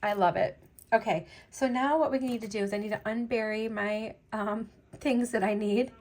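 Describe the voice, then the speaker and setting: A woman's voice: fairly high pitch, fairly even intonation, normal speed, a little mellow. Beading host, woman, middle-aged, loose chatty delivery full of fillers. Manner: chatty, many fillers, rambling. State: choked up, teary. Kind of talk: casual chat while beading.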